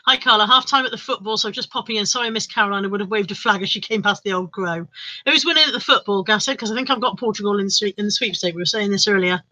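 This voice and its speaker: Rapid-fire and chatty, this livestream host jokes around and laughs a lot while reading out comments from viewers. She has a mid-range, pushed, bright voice, captured with dull audio.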